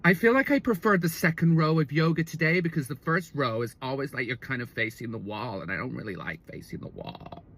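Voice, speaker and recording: A man voicing a bored young Californian woman who speaks with a croaky vocal fry that trails off at the end of each sentence. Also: medium pitch, expressive, fairly quick, few pauses, fairly bright tone, slight background noise. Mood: languid. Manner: starts every sentence with "I feel".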